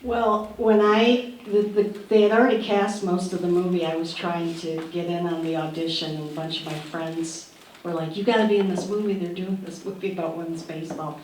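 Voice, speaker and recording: A middle-aged actress telling an animated anecdote at a panel, acting out the voices she quotes and laughing often. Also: fairly low pitch, normal speed. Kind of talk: lively anecdote at a museum panel. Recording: distant roomy hall with faint noise.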